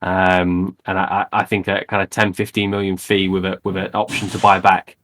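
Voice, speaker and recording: Low-voiced man on a football podcast. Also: level tone, normal speed, a bit bright, slight background noise. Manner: conversational, thinks aloud with repeated starts. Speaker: podcast co-host. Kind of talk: casual football podcast chat.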